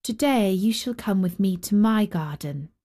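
A woman voicing a gentle little boy in a soft, calm way. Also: mid-range voice, normal speed, natural voice. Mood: serene.

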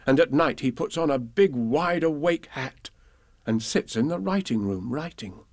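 A man's voice: medium pitch, expressive, moderate pace, dry recording. Man reciting children's verse, dry sound. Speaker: reader. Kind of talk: reading children's poems and stories aloud.

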